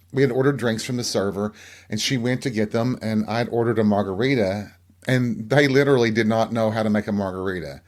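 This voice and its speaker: A middle-aged man from Tennessee, hosting a podcast alone in candid, campy, chatty storytelling. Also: mid-range voice. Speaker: podcast host. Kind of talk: casual solo chat.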